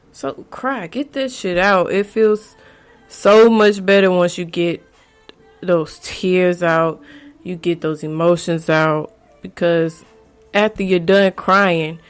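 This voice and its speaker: A woman hosting a podcast who gives frank, casual advice in a rambling way, with profanity and frequent restarts. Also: lowish voice. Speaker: podcast host.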